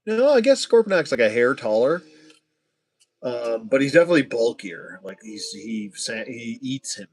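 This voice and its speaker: A man casually chatting and joking to himself as he builds toy figures on a livestream, sometimes dropping to a hushed whisper. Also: medium pitch, expressive, moderate pace, very noisy. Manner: chatty, jokey, talks to himself while building. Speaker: toy collector host.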